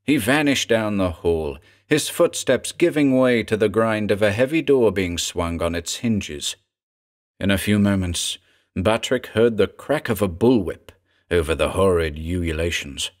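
A man narrating a horror story in a measured, grave storytelling manner. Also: fairly low pitch, animated.

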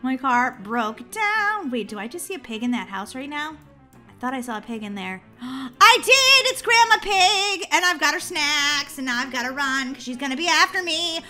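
A woman with a high, very bright voice narrates her game play. She gives excitable let's-play commentary, swooping all over her range, giggling often and letting out shrieks whenever something chases her. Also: normal speed, faint music behind. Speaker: gaming channel host.

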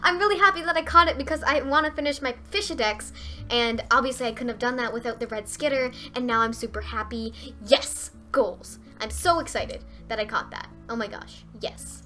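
A young woman streaming a fishing game live, chatting straight to her viewers and breaking into squeals and shouts when she gets excited. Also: fairly high pitch, brisk, faint music behind. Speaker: gaming streamer.

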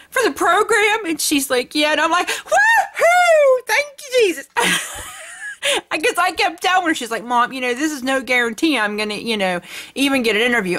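A middle-aged woman hosting her crafting vlog, gushing with excitement and laughing often. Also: high voice. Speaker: crafting channel host. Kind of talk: casual vlog chat.

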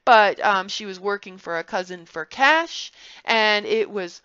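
Brief: bright-voiced woman vlogger, earnest storyteller, dry and dull lo-fi sound. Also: mid-range voice, a little slow, smooth, no echo. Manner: earnest, explanatory, animated storytelling. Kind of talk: personal vlog commentary.

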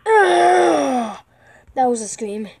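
A woman giving excitable let's-play commentary while gaming online with friends, yelping, pleading with the game and repeating herself. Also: fairly high pitch, slow pace, heavy background noise. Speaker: gamer playing online with friends.

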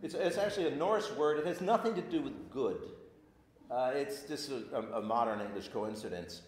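A man's voice: mid-range voice, moderate pace, slight background noise. A man teaching an adult class, reading old verse aloud and explaining it in an informal lecture, often stopping and restarting. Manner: animated, stops and restarts often. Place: church classroom. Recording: echoey room.

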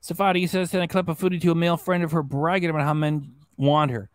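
A man's voice: on the high side, flat delivery, fast, no echo. A man hosting a livestream reaction show, reading viewer chats in a mocking, rambling way. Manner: mocking, rambling, repeats himself. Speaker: host.

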